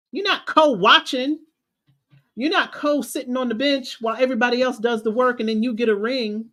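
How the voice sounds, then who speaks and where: A woman confidence coach, giving an emphatic, preachy motivational talk. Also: a little high. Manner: preachy, emphatic, drawn-out phrasing.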